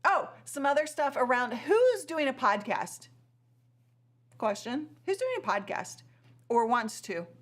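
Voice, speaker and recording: A woman's voice: high voice, very animated, unhurried. A tired woman hosting a casual live stream, chatty, with frequent laughs and many fillers.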